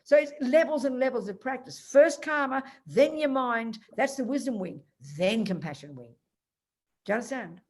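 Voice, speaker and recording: A woman's voice: on the high side, expressive, normal speed, a little mellow. Direct, emphatic older woman teaching. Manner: direct, emphatic, explains point by point. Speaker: Buddhist teacher. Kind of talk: dharma teaching in an online Q&A.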